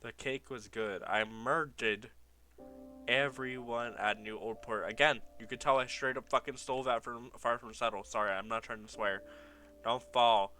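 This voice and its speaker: Young guy chatting thru his old game world, bright voice, laughs a lot, faint music behind. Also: medium pitch, fairly even intonation, moderate pace. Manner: nostalgic, laughs often, reads old signs aloud. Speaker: gaming YouTuber. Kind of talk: casual gameplay commentary.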